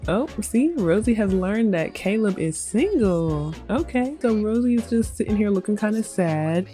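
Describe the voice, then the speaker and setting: A woman's voice: mid-range voice, lively intonation, normal speed, warm tone, faint music behind. A young woman narrating a life-sim let's play in a chatty, giggly, slangy way. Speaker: gaming video creator.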